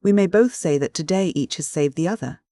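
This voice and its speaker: A man's voice: on the high side, expressive, fairly quick, dark tone, no room sound, close to an everyday voice. A man voicing a bankrupt old noble father, flowery, mocking and cynical in a storybook reading.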